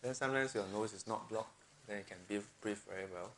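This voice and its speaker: A man's voice: lowish voice, fast talker, fairly bright tone, a little hiss or hum. A man with a partly blocked nose, chatting casually and laughing often as he leads a weekly group in a room. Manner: chatty, laughs often, uses local English phrasing. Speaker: teacher leading a weekly group. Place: room with an audience.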